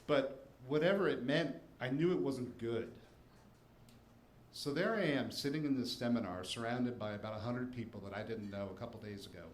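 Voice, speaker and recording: On stage at a live show, a forties-aged storyteller and attorney from the Washington, D.C. area recounts his own experience with wry, self-deprecating wit. He speaks in a mid-range voice, with slight background noise and the faint ambience of a roomy venue.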